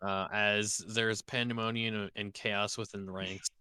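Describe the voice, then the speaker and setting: A man running a tabletop game as dungeon master on a live stream, unhurried and halting, with frequent fillers. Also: fairly low pitch, level tone, bright, forceful tone, smooth, no room sound, studio quality.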